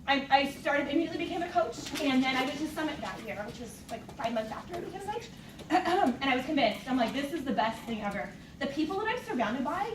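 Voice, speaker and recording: Bubbly high-voiced woman in an echoey room. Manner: bubbly, enthusiastic, laughs often. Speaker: fitness coach speaking at a team meeting. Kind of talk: casual motivational talk to a live group. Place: meeting room with an audience. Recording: echoey room, distant mic, noisy.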